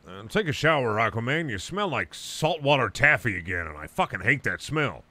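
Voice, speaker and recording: A man's voice: mid-range voice, big pitch swings, normal speed, hardly any pauses, sharp tone. A young man streaming a video game, chatting casually and ranting with lots of swearing. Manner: crude, profane, ranting. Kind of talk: casual gaming stream chat.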